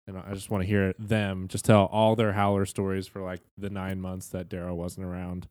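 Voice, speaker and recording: A man co-hosting a casual fan podcast, chatty and quick to laugh, swearing now and then. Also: sits low, monotone, a little mellow, dry recording. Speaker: podcast co-host.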